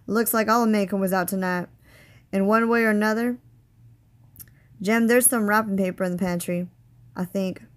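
A woman reading aloud, voicing a calm father who speaks gently and dryly. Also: medium pitch, normal speed, pauses often, natural voice. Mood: gentle. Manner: gentle, dry.

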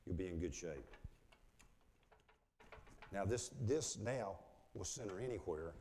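A man's voice: low voice, lively intonation, slow, a little mellow. An older man with a northwest Florida accent, giving a live woodturning demonstration in a folksy, step-by-step way. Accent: northwest Florida Southern. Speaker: woodturning instructor. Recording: echoey hall with faint noise.

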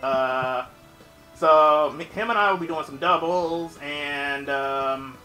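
A man hosting his gaming channel, chatting upbeat and excitably in casual gaming commentary. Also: fairly high pitch, slow, over music.

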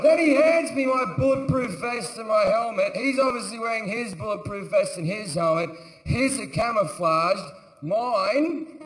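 Profane comic, high-pitched, echoey hall. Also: male voice. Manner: profane, sardonic, acts out characters with shouts. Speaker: stand-up comedian. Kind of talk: stand-up storytelling. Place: large theatre stage. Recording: echoey live theatre recording. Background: audience laughter.

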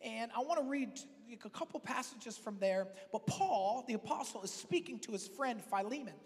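A man preaching a sermon as pastor, talking in a conversational, joking way that breaks into loud, emphatic bursts. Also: very high voice, animated, moderate pace. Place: church hall. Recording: long reverb of a church hall.

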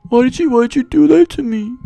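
A woman voicing a whiny, guilt-tripping baby boy in high whimpering, pleading sobs while streaming a game. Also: quick pace, vocal fry, warm tone, no room sound, soft background music.

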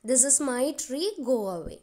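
A loud, bossy black crow barks the same short commands again and again, as a woman telling a storybook tale puts it on. The voice sits high. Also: animated, a little fast. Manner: shouty, repeating short commands.

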